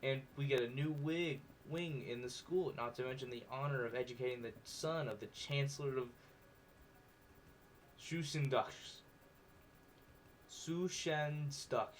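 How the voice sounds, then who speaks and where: A man reading a dating sim's narration aloud with animated, joking reactions. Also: mid-range voice, a little fast, few pauses, slight background noise. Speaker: gaming video creator.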